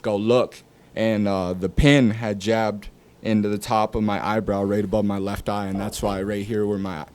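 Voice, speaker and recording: A young man, a rapper guest on a podcast, telling a story from his past in a loose, animated way, cursing freely and acting out what people said. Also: on the low side, normal speed, smooth. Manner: animated storyteller, curses freely, acts out dialogue. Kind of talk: casual storytelling interview.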